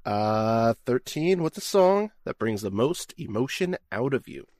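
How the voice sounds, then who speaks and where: A man's voice: medium pitch, big pitch swings, a little slow, a little mellow, no echo, clean studio sound. A man hosting a casual interview, reading out numbered questions and reacting briefly. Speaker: podcast host asking questions.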